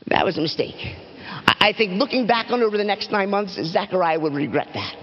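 A man telling a Bible story to children from a church platform in a dramatic, animated storytelling voice. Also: brisk, husky, long reverb tail, dull audio. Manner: dramatic, animated storytelling with big pitch swings. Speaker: children's pastor.

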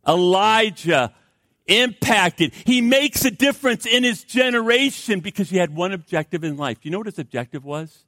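A middle-aged man preaching a sermon as pastor, his voice sitting high. He moves between loud urgent pleading and quiet, low asides, restarting and repeating words to drive points home. The sound is dry and close. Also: expressive, moderate pace, no echo.

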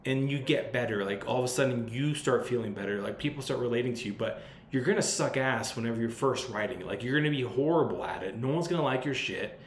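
A man's voice: medium pitch, fast talker. A man hosting a podcast, giving casual advice in a blunt, loose way and swearing freely. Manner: blunt and profane, loose and conversational. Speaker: podcast host. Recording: roomy sound with faint background noise.

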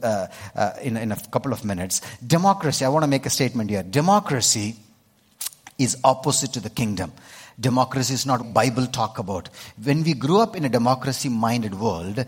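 A man's voice: mid-range voice, husky. A man with an Indian accent preaching a sermon to a congregation, speaking emphatically and often checking in with his listeners. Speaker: pastor. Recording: long hall reverb.

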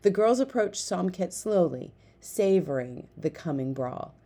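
A woman narrating an audiobook, reading the story in a lively way and switching voices for each character. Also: lowish voice, a little slow.

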